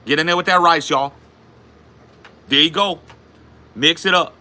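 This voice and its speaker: A man putting on a Cajun accent to play a loud, folksy cook who hollers cooking steps. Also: on the high side, pitched above the performer's own voice. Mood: hyped. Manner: hollering cooking instructions, drawn-out y'all.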